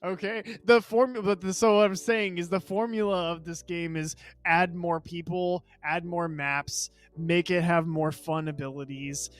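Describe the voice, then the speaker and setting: A man's voice: sits high, little pitch movement, normal speed, hardly any pauses. A male podcast co-host in casual gaming chat, rambling and enthusiastic, laughing often.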